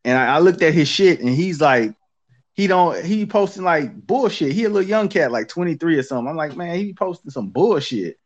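A man in casual chat, talking in an animated, profane street manner. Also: fairly high pitch, brisk. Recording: dull lo-fi audio.

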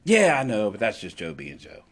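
A man delivering an impassioned political monologue, emphatic and sarcastic, swinging between loud declarations and low asides. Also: wildly swooping pitch, normal speed, breathy edge. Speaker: political commentator.

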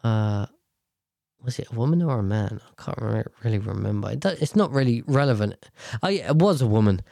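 A man's voice: lowish voice, expressive, brisk, vocal fry, mellow, dry recording, studio quality. A man giving a blunt, profane, rambling rant about politics.

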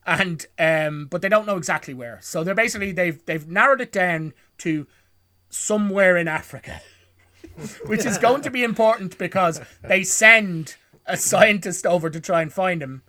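A man's voice: sits high, normal speed, sharp tone, no room sound. A man recapping a film plot for his podcast co-hosts in a rambling, self-correcting way, chuckling often. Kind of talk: casual chat.

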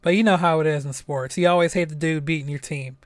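Young male podcast host, loose profane rambler, smooth higher voice. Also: steady tone, fast talker, dry recording, studio quality. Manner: loose and chatty, profane, lots of fillers and asides. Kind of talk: casual solo political podcast.

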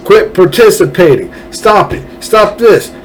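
A man's voice: high voice, lively intonation, unhurried, soft background music, poor audio. A man hosting a political podcast, ranting angrily with sarcasm and profanity. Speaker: podcast host. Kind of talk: political commentary rant.

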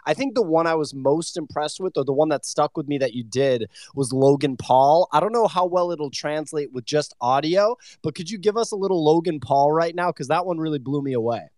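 A man's voice: fairly high pitch, animated, brisk, few pauses, darkish tone, no room sound, clean studio sound. A man hosting a chat show, talking in a hesitant, filler-heavy, friendly way. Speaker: host. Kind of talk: casual chat.

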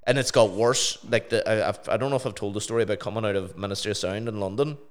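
A young man telling stories and swearing casually on a podcast. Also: quick pace. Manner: swears freely, storytelling in a low mumble. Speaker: podcast co-host, DJ.

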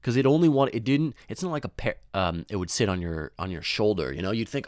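A man's voice: fairly low pitch, animated, brisk, hardly any pauses, darkish tone, no room sound, studio quality. A young man rambling through a profane, slangy story in casual monologue, often jumping into voices for the people in it.

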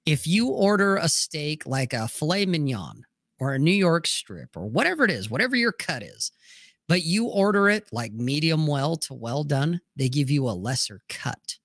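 A man hosting a casual talk show, telling stories in a profane, animated way. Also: on the high side, moderate pace, no echo, studio quality. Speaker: podcast host. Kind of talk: casual storytelling chat.

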